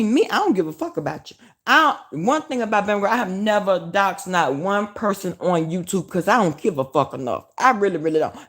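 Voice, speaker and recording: A woman with a Southern US accent talks straight to her viewers on a casual livestream. She is loud and animated, swears freely and hollers as she speaks. Her voice sits at a middle pitch for a woman. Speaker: vlogger.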